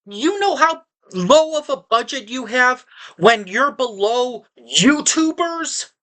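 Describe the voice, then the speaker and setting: A woman's voice: high voice, animated, slow pace, fairly bright tone. Sarcastic, rambling woman reviewing a movie. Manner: sarcastic and exasperated; rambling, with frequent restarts. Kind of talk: casual spoken movie review.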